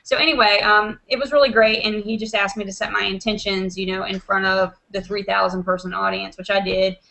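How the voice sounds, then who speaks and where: A woman hosting a video call from her home desk, telling an excited story full of "you know" and acted-out quotes. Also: medium pitch, brisk, vocal fry, low-quality recording. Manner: animated, acts out quotes, many fillers like "you know". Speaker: host of an online video hangout.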